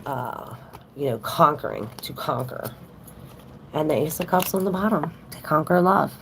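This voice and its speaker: Very deep, gravelly woman reading tarot. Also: animated, normal speed, noisy background. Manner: chatty, talks straight to viewers, lots of fillers. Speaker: tarot reader on a livestream. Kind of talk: casual livestream tarot reading.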